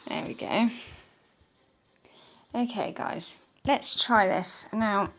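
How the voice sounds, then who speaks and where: A woman's voice: mid-range voice, takes it slowly, pushed and bright. A tired woman giving casual, chatty gameplay commentary to her viewers. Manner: chatty, many fillers, addresses viewers as guys. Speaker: mobile game YouTuber.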